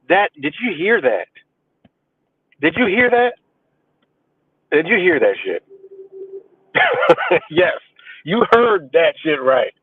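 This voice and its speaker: A man's voice: high voice, dry recording. A man hosting a live stream, ranting about a message with profane, boastful scorn. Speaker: livestream host. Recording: dry, tinny phone-like sound.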